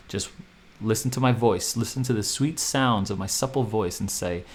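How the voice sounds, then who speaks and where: A man hosting his own crypto channel, giving casual, animated advice and often checking in with "okay?". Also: on the low side, moderate pace, slightly rough. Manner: animated, repetitive, chatty with frequent "okay?".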